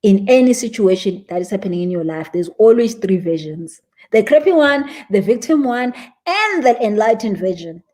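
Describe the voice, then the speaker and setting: Mellow South African woman teaching a ritual. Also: mid-range voice, animated, normal speed. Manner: chatty, laughs at her own examples. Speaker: spiritual teacher. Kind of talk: live-streamed teaching of a ritual.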